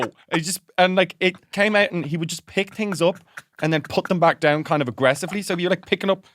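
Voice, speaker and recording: A man with a fairly high voice tells a family story in a relaxed podcast chat, now and then mimicking an angry parent. His voice sounds dry and close to the mic. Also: fast, no echo. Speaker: podcast co-host. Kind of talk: casual comedic chat.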